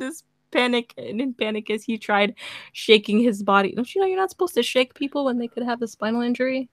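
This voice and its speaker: A woman's voice: fairly high pitch, brisk, no room sound, clean studio sound. A woman host reading a story aloud in casual chat, breaking off into sarcastic, laughing commentary.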